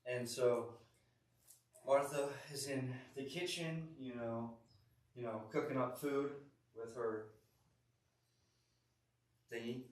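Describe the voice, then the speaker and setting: A man's voice: medium pitch, fairly even intonation, takes it slowly, pauses often, a little mellow. Chatty young man, youth sermon, echoey room. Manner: chatty, rambling, many fillers and self-corrections. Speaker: youth group leader. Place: church room. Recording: echoey room, distant mic.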